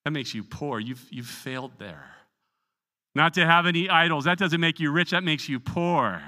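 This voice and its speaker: Pastor, male, earnest and emphatic, restarts and repeats words while preaching. Slightly high, tense voice. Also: normal speed, bright, forceful tone, in a large hall. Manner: earnest, emphatic preaching with frequent word repetitions. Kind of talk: Bible study sermon. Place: church sanctuary.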